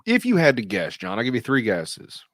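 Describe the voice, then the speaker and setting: A man's voice: mid-range voice, wildly swooping pitch, normal speed, a bit bright, dry recording, studio quality. A man talking casually as a podcast guest, blunt and crude and swearing freely. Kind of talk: casual chat.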